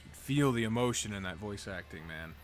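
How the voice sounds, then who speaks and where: A man's voice: fairly low pitch, expressive, a little fast, slight background noise. A man casually commenting on a game during a live stream, joking, laughing and swearing freely.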